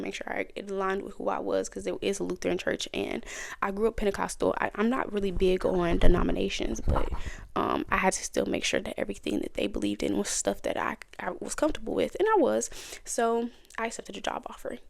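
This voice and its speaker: A woman hosts her own podcast, mixing personal testimony with Bible study in an easy, conversational storytelling style. Her voice carries a noticeable gravelly fry at a middling pitch. The sound is dry and close, with little room around it. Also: steady tone, quick pace, no echo. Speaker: podcast host.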